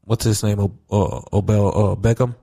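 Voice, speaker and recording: A man's voice: fairly low pitch, steady tone, moderate pace, gravelly, dark tone. A young man co-hosting a podcast, talking hesitantly with many fillers and casual swearing. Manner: hesitant, lots of fillers, profane. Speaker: podcast co-host. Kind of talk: casual chat.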